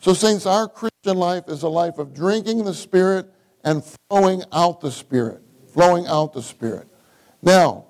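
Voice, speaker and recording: A man's voice: fairly high pitch, a little mellow, poor audio. A middle-aged man preaching a sermon, reading scripture aloud and repeating key phrases for emphasis. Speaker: church speaker.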